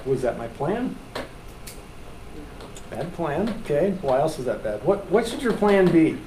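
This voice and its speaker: Male instructor, high voice, animated and jokey, lively classroom teaching, faint background noise. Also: unhurried. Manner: animated, joking, acts out quoted lines. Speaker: real estate instructor. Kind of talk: classroom teaching with audience questions.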